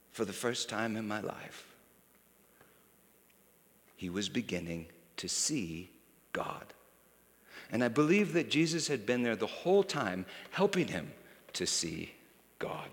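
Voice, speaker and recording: Male preacher, high pitch, impassioned sermon delivery, reverberant hall sound. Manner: impassioned, swinging from hushed to shouting.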